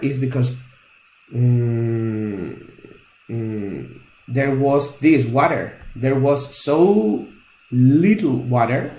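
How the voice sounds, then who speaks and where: Slow, patient male English teacher. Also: mid-range voice, darkish tone, roomy sound, low-quality recording. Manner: patient, explains step by step. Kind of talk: grammar lesson.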